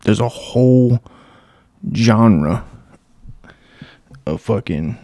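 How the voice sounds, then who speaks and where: A man's voice: lowish voice, expressive, very slow, dark tone, dry recording, clean studio sound. A man hosting a comedy show, riffing crudely in a rambling profane monologue. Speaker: comedy podcast host.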